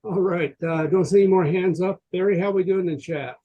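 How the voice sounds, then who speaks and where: Husky man moderating a call. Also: sits high, warm tone, highs cut off. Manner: brisk, calls on people. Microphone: video call.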